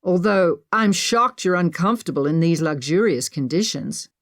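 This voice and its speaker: A woman's voice: on the low side, expressive, normal speed, dry recording. Henry, a woman doing a teasing man. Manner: teasing, dry humor. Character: wry, teasing adventurer man.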